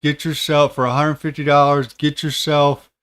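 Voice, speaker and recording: A man in his thirties, a tech content creator, chatting casually on a livestream with many pauses, fillers and restarts. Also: a little high, little pitch movement, fairly bright tone, clean tone.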